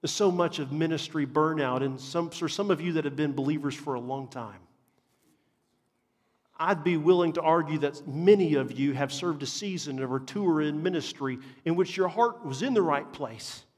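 A man's voice: on the high side, moderate pace, a little mellow. A man, preaching a sermon as a pastor in an earnest, emphatic way and repeating phrases for stress. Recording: long reverb of a large hall.

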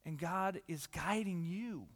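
A man preaching a sermon in a church hall, conversational and animated, dropping to a soft hush and rising loud again. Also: sits high, takes it slowly. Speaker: pastor. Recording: long reverb of a large hall.

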